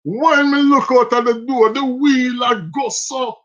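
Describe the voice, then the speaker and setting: Jamaican-accented host, casual live-stream storyteller, lively and giggly, slightly dull lo-fi audio. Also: sits high, unhurried. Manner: animated, laughs often between lines, speaks Jamaican Patois.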